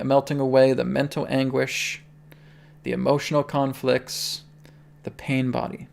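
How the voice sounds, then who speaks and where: Male spiritual host with a gravelly voice, earnest and pleading on a livestream. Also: medium pitch. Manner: earnest, pleading, keeps checking in with "okay?".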